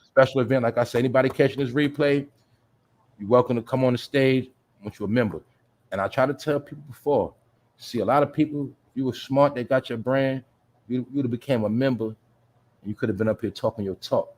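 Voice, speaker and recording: A man's voice: medium pitch, a little fast, a little mellow. A man hosting a livestream show, talking casually in street slang, swearing and repeating his points to his listeners. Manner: streetwise slang, addresses listeners as "y'all", "you feel me"; profanity-laced.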